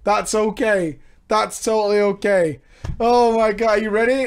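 A young man vlogging casually to a webcam at a desk indoors, his voice hoarse and worn, talking excitedly, swearing and laughing as he goes. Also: high voice, unhurried. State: lost his voice.

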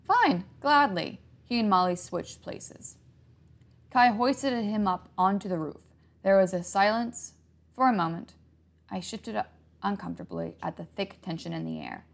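Gravelly woman reading a horror story. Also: mid-range voice, moderate pace. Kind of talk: first-person horror story narration.

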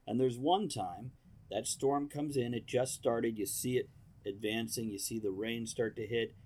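A man co-hosting a podcast, telling a relaxed, animated anecdote in casual chat. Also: medium pitch, a little slow. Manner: animated storyteller.

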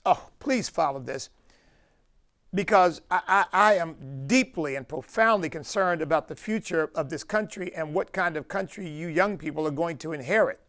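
A man from the United States preaching a sermon as pastor, driving his points home with slow, emphatic stresses on key words. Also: high-pitched, vocal fry, fairly bright tone.

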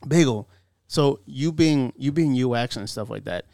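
Young male co-host, middle pitch, rambling casual talker, dry close sound. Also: expressive, moderate pace, gravelly, warm tone, no room sound. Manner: rambling, restarts, acts out quotes. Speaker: podcast co-host. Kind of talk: casual chat.

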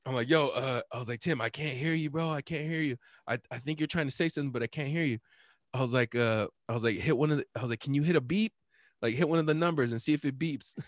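A young man spins a funny story in relaxed, slang-heavy chat, laughing often and playing both voices himself. His pitch sits in the middle, and the sound is dry and close, with no room around it. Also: fast talker, dry recording. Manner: laid-back slangy storyteller, laughs often, acts out both sides of the exchange.

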